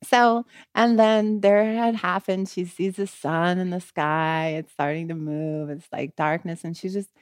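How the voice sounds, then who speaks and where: A woman with a lowish, grounded voice tells a story casually and with feeling, peppering it with "you know" and "right?". The sound is close and dry, with no room around it. She lifts her voice when she gets caught up in the telling. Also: unhurried, few pauses, no room sound. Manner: animated retelling, frequent "you know" and "right?"; gets louder and higher when she quotes the people in the story.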